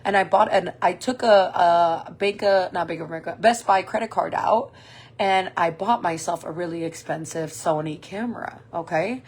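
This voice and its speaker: A woman's voice: fairly low pitch, moderate pace, slightly rough. A woman in her forties tells a personal story while doing her makeup, swearing freely and acting out what people said. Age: 40s. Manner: animated, swearing, acting out quoted dialogue. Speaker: makeup vlogger.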